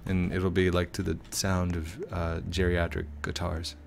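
A middle-aged man runs a gaming channel and plays while chatting playfully and rambling to himself. His deep, gravelly voice is monotone and unhurried, picked up by a desk microphone against a noisy background.

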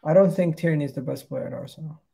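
A young man hosting a casual football chat, chatty and quick to laugh. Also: a little high, gravelly, warm tone, slightly rough. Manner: chatty, laughs easily, breaks into impressions. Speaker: football channel host.

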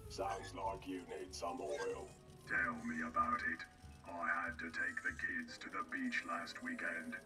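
An actor playing bored male robot guards grumbling to each other in a flat, gossipy way. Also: sits low, unhurried. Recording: distant, roomy game audio with loud music.

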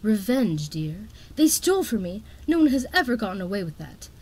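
A woman's voice: medium pitch, sing-song, normal speed, a little mellow, husky. A woman voicing a cruel, dismissive dragon queen. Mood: cold menace. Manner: dismissive, menacing. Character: cruel commanding female sea dragon queen.

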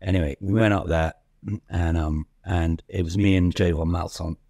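A man in his forties with a lowish voice talks through a rambling, self-mocking anecdote. The recording is close and dry, with no room sound. He often laughs at himself as he goes. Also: steady tone, moderate pace, mellow, no echo. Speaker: guest storyteller. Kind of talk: casual anecdotal chat.

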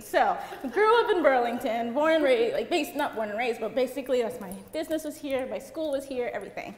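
A young woman giving a seminar talk, fast and chatty, laughing often, through a mic in a conference hall. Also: high voice, expressive. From United States. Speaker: seminar presenter. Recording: echoey hall with faint noise.

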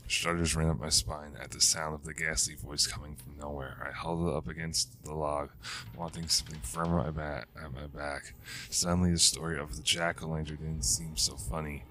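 A man narrates a ghost story in a measured, even delivery, now and then catching himself and restarting a word. His voice sits extremely low and stays flat across each line, with only a faint hiss of noise behind it.

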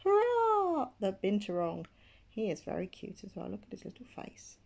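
A woman giving casual gameplay commentary, excitable and chatty, gasping and squealing as she talks to her viewers. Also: mid-range voice, a little fast, vocal fry, slightly rough. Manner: chatty, addresses viewers as guys. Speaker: gaming channel host.

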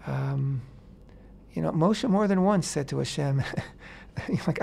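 A man on a radio talk show explaining a Bible passage in a casual, animated way, acting out the characters' words in paraphrase. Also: on the high side, slow pace, creaky, slight background noise. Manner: animated, acts out quotes in paraphrase, many fillers. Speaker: radio host teaching the weekly Torah portion. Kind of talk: casual Torah discussion on radio.

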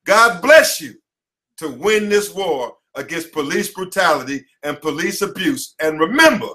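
Passionate American male attorney, high-pitched and forceful, delivering an emphatic, preachy lecture. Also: expressive, unhurried. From United States. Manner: preachy, emphatic, repeats slogans. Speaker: attorney teaching a class. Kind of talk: impassioned lecture. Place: his office headquarters, indoors.

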